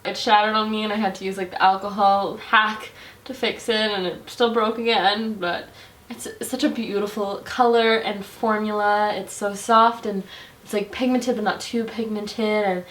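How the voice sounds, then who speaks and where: A woman's voice: mid-range voice, fairly even intonation, normal speed, fairly bright tone. A young woman chattily reviewing her favorite makeup on her vlog, with lots of "like" fillers. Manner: chatty and bubbly, heavy use of "like". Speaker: beauty vlogger.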